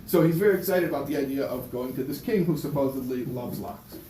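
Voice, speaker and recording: A man teaching a class and telling a story in a lively way, stumbling over and repeating words as he goes. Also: mid-range voice, fast talker. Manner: animated storyteller, repeats words, voices characters. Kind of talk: lecture with a told story. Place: synagogue class room. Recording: echoey room from far off, noisy.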